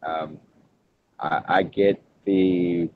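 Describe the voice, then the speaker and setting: A man hosting a casual wrestling podcast, talking in halting bursts with frequent restarts. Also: deep voice, fairly even intonation. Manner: halting, restarts often, hedges before points. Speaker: podcast host. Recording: muffled lo-fi podcast audio.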